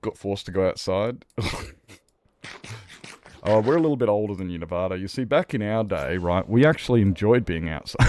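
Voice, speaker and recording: A man's voice: lowish voice, lively intonation, moderate pace, pauses often, darkish tone, dry recording. A man chatting casually while streaming a game, rambling and repeating himself, swearing freely. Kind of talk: casual gameplay stream chat.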